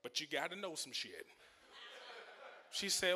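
A man's voice: on the high side, lively intonation, measured pace, sharp tone, a little hiss or hum. A male stand-up comedian on a club stage, talking loosely and chuckling through his punchlines. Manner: loose, conversational, trailing punchlines with laughs. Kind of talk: stand-up set.

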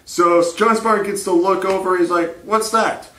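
A man telling a rambling, crude comic story, laughing often and slipping into quick character voices. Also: sits high, steady tone, fairly bright tone, recorded from a distance. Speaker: host. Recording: echoey room.

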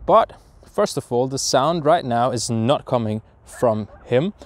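A man's voice: mid-range voice, animated, unhurried. A man hosting a casual gear review vlog, joking and explaining, recorded outdoors on a windy day with a lavalier mic. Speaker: video host reviewing filming gear. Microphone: lavalier mic into a phone.

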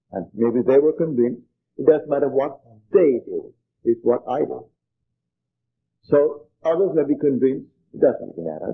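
An older man giving an earnest spiritual lecture, telling stories in a measured way, on an old archival tape. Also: mid-range voice, breathy edge, narrow, tinny audio.

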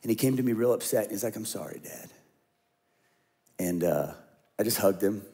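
A middle-aged man preaching a sermon as a pastor, talking conversationally and dropping to a hush when he tells stories. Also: fairly low pitch, expressive, moderate pace.

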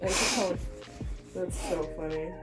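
A woman's voice: on the low side, slow pace, music in the background. A young woman teasing her friends in casual chat, often laughing. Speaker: cosplayer friend.

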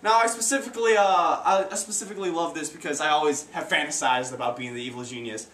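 A man's voice: on the high side, fast talker, a bit bright. A teenage boy doing amateur stand-up comedy, stumbling and restarting his sentences. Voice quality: stumbling, awkward, many restarts. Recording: roomy, distant, faint noise.

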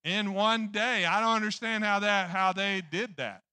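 A man's voice: high voice, normal speed, pushed and bright, clean tone, no room sound. A man preaching a sermon in church, rambling and joking at his own expense. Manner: rambling, joking, self-deprecating.

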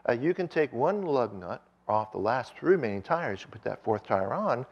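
A calm, level-headed male asylum inmate, as a preacher acts him out in a story. He speaks plainly and reasonably. The sound is a little dull. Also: mid-range voice, fast, husky.

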